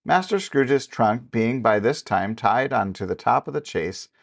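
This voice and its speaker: A man narrating a classic novel as an audiobook, with steady, even-paced storytelling. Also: medium pitch, measured pace, gravelly.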